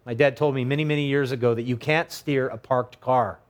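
A middle-aged man preaching a sermon in a relaxed, conversational way, acting out short quoted voices along the way. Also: medium pitch, brisk. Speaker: pastor.

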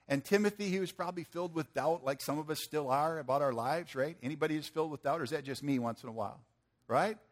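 This fast-talking preacher, a man in his fifties, has a fairly high-pitched voice. He keeps his sermon conversational, putting questions to the audience and performing quotes in slang.

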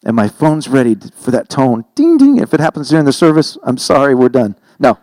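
A man's voice: medium pitch, brisk, darkish tone, no echo, rough recording. A middle-aged man preaching a sermon in an earnest, conversational way, heavy-hearted and emotional, stumbling and correcting himself as he goes. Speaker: pastor.

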